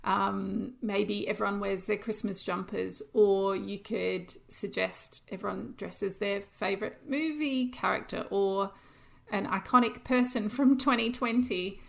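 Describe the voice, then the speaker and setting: A woman's voice: mid-range voice, unhurried, creaky, hardly any pauses. A woman co-hosting a podcast, chatting casually and practically with frequent laughs. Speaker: podcast co-host. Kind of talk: casual chat.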